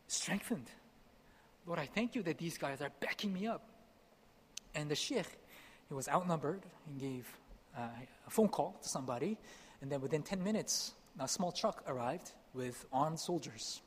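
A young man from Korea telling a personal testimony as a missionary speaker, animated and acting out the dialogue. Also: a little high, moderate pace, a little hiss or hum. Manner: animated, acts out dialogue, laughs at himself. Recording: long hall reverb.

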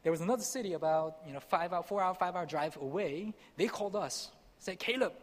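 A young man from Korea telling a personal testimony as a missionary speaker, animated and acting out the dialogue. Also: high-pitched, a little fast. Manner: animated, acts out dialogue, laughs at himself. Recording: long hall reverb.

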